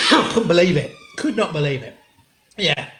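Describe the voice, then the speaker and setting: A middle-aged English man, a comedian guest, telling anecdotes in an animated, casual way with frequent restarts and the odd swear word. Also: high voice, unhurried, heavy background noise. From England. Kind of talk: anecdotal storytelling in an interview. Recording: roomy echo.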